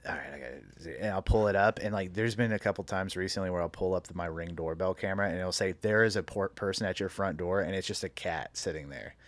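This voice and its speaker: Young guy hosting a podcast, low voice, dry close mic, laughs a lot while telling stories. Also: fast, hardly any pauses, no echo. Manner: laughs often, animated storytelling. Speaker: podcast host. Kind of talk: casual chat.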